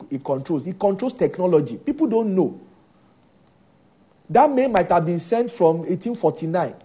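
A man's voice: sits high, dark tone, slightly rough, muffled recording. A man preaching a sermon, driving his points home by repeating key phrases.

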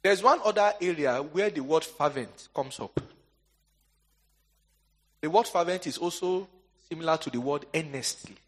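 Male pastor, husky and fairly high, preaching call-and-response with sharp swings between loud and quiet. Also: normal speed, long pauses. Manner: call-and-response preaching, leaves questions for the congregation to answer; swings between soaring emphatic lines and low quiet asides. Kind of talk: sermon.

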